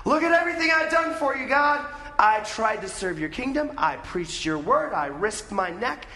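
A man's voice: sits high, big pitch swings, moderate pace, fairly bright tone, long reverb tail. A preacher acting out a distraught male prophet who blubbers and complains in self-pity. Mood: indignant.

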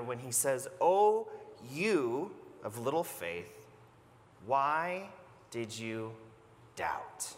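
A man preaching a sermon as pastor, retelling a story in a conversational, animated way. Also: on the high side, in a large hall.

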